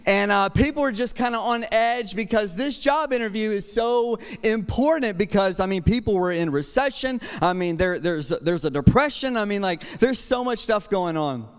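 A young man with a high, smooth and resonant voice preaches with passion in a church. He talks in a loose, conversational way, full of restarts and fillers. His voice rings out with a long hall reverb behind it. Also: expressive, moderate pace, few pauses. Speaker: pastor. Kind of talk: sermon. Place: church sanctuary.

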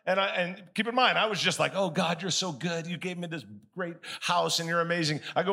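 Animated pastor with a gravelly, bright voice. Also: male voice, high voice, fast, hardly any pauses. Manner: animated storytelling, acts out both sides of conversations; calls on the congregation to answer aloud. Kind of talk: sermon.

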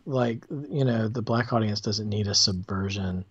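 A man with a husky, low voice co-hosts a casual film podcast in a relaxed, wry manner. His audio sounds dull and lo-fi. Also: moderate pace. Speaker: podcast co-host. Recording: dull lo-fi mic.

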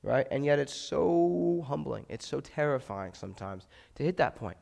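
Gravelly-voiced pastor preaching in a hall. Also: male voice, mid-range voice, animated, moderate pace, a little mellow. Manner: conversational, often asks "right?". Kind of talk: sermon. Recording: echoey hall with long reverb.

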